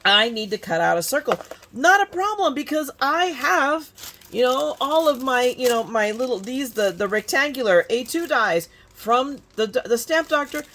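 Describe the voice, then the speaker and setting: An expressive, slightly bright woman's voice with a fairly high pitch and normal pace, with a little background noise. She's a fifty-something crafting YouTuber from California, casually walking through a tutorial with many restarts and self-mocking remarks.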